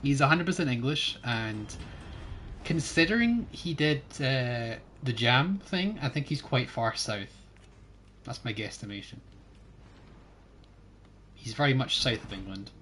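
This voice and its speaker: A young Scottish man chatting casually while streaming a game, jokey and talkative, often trailing off quietly. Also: medium pitch, very animated, measured pace, pauses often, a little hiss or hum. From Scotland. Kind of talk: casual gaming chat.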